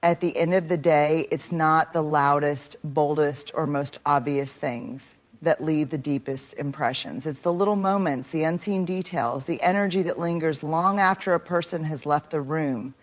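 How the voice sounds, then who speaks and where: A woman reading a scripted motivational talk in a measured, earnest way. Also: deep voice.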